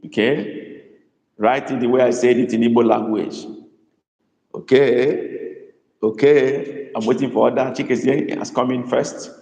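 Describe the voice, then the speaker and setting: A male language tutor leads a live online class. He talks at an unhurried pace, repeating each phrase patiently for his students. His voice rings in an echoey room with a long reverb tail. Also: mid-range voice, fairly even intonation, vocal fry, a little mellow.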